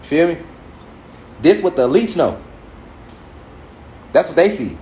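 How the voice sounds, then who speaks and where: A man's voice: a little high, big pitch swings, measured pace, warm tone, roomy sound, a little hiss or hum. A man in his thirties with an African American Vernacular English accent, lecturing a gathered audience on spirituality and driving his points home with rhetorical questions and repetition. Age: 30s. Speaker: speaker addressing a gathered audience. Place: large room with an audience.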